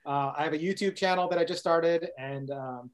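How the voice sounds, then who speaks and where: A man who is a realtor, a guest on a podcast, talking in a stammering, excitable way. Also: on the high side, normal speed. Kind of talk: casual chat.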